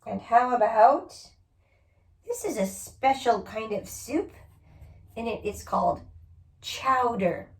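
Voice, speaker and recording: A rather high-voiced woman teacher leads a children's spelling lesson, sounding out each word slowly and patiently, letter by letter. Her voice rings around an echoey room. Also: animated.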